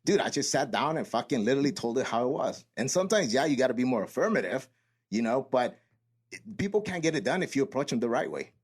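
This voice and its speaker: A man's voice: mid-range voice, sing-song, fast, breathy edge. A man and Marine veteran telling a boot camp story in casual, profane podcast chat, acting out the quotes.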